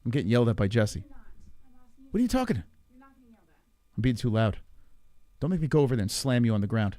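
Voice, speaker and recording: A man hosting a livestream, loud and profane, reacting to a clip and talking to his chat. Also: medium pitch, sing-song, fast talker, dry recording. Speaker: livestream host. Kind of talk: casual livestream commentary.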